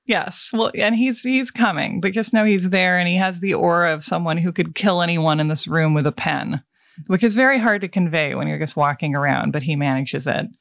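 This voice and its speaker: A woman with a fairly low voice tells a film's story on a casual podcast. She is wry and animated, tossing in quoted asides. The sound is dry and close to the mic. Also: brisk, creaky, dry recording. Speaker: podcast host summarizing a film.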